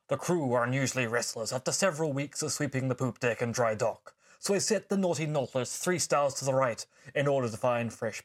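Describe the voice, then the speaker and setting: A swaggering, blustering space pirate captain growls through his lines in a hammy pirate accent that keeps slipping, put on by a podcaster in a comedy sketch. The voice sits at a middling pitch and has a loose, homemade comic sketch feel. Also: fairly bright tone. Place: studio, seated with co-host.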